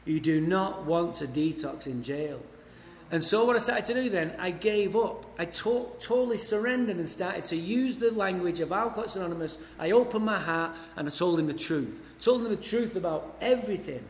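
A man's voice: high voice, expressive, moderate pace, a little hiss or hum. Blunt Englishman telling his story. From England. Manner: blunt, swearing, storytelling with wry humor. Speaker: recovery speaker. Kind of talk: recovery meeting talk. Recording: echoey hall, faint ambience.

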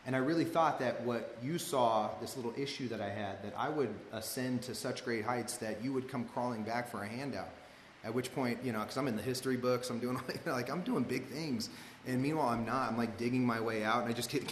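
A man's voice: mid-range voice, a little fast, slight background noise. A man from Los Angeles, telling a personal story in a loose, slangy way, full of "like" and "you know.". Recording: echoey hall with long reverb, faint ambience.

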